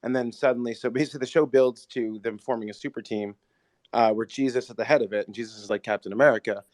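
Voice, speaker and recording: A man's voice: medium pitch, steady tone, a little mellow, no echo. A man, a screenwriter and show creator, talking enthusiastically in casual podcast conversation with many fillers. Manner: rapid, enthusiastic, lots of fillers.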